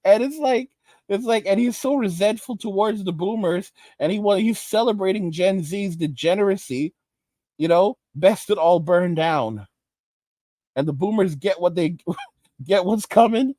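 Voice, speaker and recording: A man's voice: high voice, animated, unhurried, dark tone, dry recording. A man hosting a commentary channel, ranting in an exasperated, lecturing way with frequent restarts.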